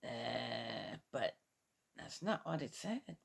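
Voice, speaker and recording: A woman's voice: very deep voice, very animated, extremely slow, creaky, husky. Skeptical chatty woman reading scripture. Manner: skeptical, chatty, asks rhetorical questions. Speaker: Bible reader and commentator. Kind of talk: casual reading with commentary.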